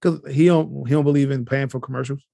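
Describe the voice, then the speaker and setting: A man's voice: medium pitch, steady tone, fast talker, creaky, mellow, no echo, studio quality. A man co-hosting a podcast, telling stories in a slangy, rambling way in casual chat. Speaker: podcast co-host.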